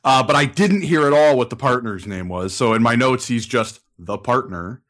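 A man's voice: medium pitch, normal speed, fairly bright tone. A man co-hosting a casual movie commentary show, emphatic and profane, often repeating his point. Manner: emphatic, swears, repeats himself. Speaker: movie review podcast co-host.

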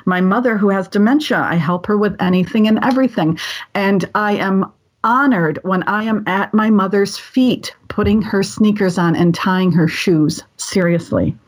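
A middle-aged woman co-hosting a casual podcast conversation, talking in an earnest, reflective and measured way. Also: medium pitch.

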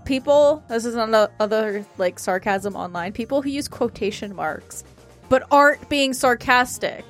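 A woman co-hosting a casual podcast with a playful, teasing sarcasm. Her voice sits a little high. Faint music runs in the background. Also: lively intonation. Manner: playful, sarcastic, quick jokes. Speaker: podcast co-host. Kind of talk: casual group podcast chat.

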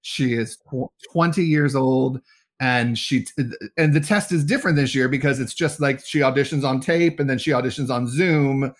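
A man's voice: mid-range voice, moderate pace. A middle-aged man, a talent agent, telling a story in a casual interview and acting out the quoted dialogue. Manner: animated, acts out quoted dialogue.

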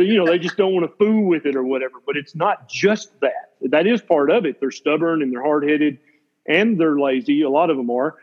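A man's voice: a little high, a little mellow, husky. A man from Tennessee with a Southern accent, a doctor telling stories as a podcast guest in a blunt, folksy, plain-spoken way. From Tennessee, USA. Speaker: physician guest. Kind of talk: casual podcast storytelling. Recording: dull lo-fi podcast audio.

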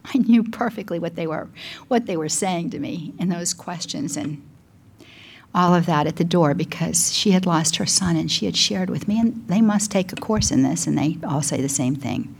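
A woman's voice: lowish voice, normal speed, gravelly. A middle-aged woman, a Christian speaker, telling a personal testimony in an earnest, emotional storytelling manner.

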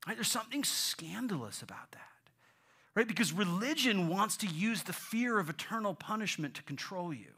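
A man preaching a sermon in an animated way, acting out voices and dropping to a whisper for effect. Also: high-pitched, normal speed, slightly rough. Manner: animated, acts out voices, swings from loud to whispered. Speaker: pastor.

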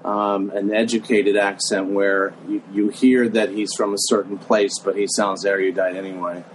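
A middle-aged man talks in a low voice as a guest, musing out loud and pausing on fillers. His delivery is relaxed and thoughtful. A faint hiss sits under the recording. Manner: hesitant, musing, with many fillers. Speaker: guest impressionist. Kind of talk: casual chat.

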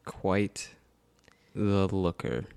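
A man's voice: sits low, fairly even intonation, drawn-out words, gravelly, darkish tone, clean tone. A man co-hosting a podcast, chatting in a laid-back, chummy way and often calling others "man". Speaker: podcast co-host. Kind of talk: casual film commentary chat.

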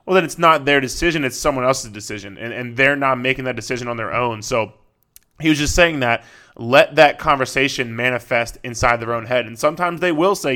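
Young fitness coach guy rambling on his podcast, swears a lot, bright forward voice. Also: medium pitch, fairly quick. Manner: profane, rambling, with frequent fillers and restarts. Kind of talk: casual podcast monologue.

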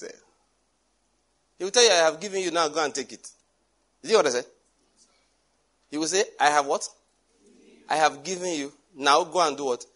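Male preacher, slightly high and husky, animated storytelling sermon. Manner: animated, acts out dialogue with shifting voices and laughs.

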